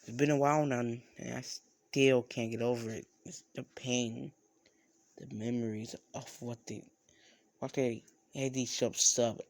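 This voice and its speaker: A man voicing a calm young male hero who speaks softly and reassuringly. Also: medium pitch, unhurried, no echo, close to an everyday voice. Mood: comforting.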